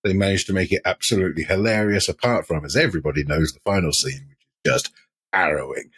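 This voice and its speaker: A man's voice: sits low, fast talker, a bit bright, husky. A man from the UK co-hosting a casual podcast chat, emphatic and swearing casually. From United Kingdom. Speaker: podcast co-host.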